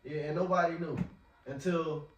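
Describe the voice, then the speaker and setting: A man's voice: fairly high pitch, fairly even intonation, moderate pace. A man preaching in a casual, slangy way, often repeating words as he talks. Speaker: street preacher. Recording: echoey, from far off.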